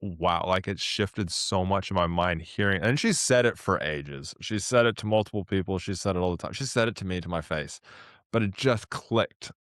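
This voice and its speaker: A man's voice: normal speed, fairly bright tone, no room sound, studio quality. A man hosting a podcast interview, talking earnestly and emotionally, at times getting teary. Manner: mimics himself with a much higher voice in quoted asides. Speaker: podcast host. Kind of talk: casual interview chat.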